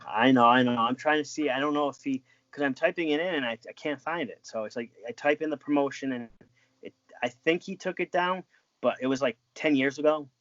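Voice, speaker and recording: A man's voice: mid-range voice, fairly quick, fairly bright tone, dry recording, highs cut off. A man being interviewed as a former wrestling referee, telling stories in a rambling way with lots of restarts and filler words. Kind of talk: casual storytelling.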